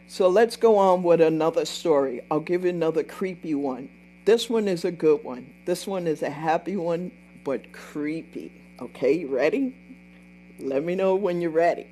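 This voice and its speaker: Soft music plays behind an older woman's low, warm voice as she hosts a relaxed livestream at a moderate pace. She tells a rambling story, says things more than once, and breaks off to answer viewers and thank them.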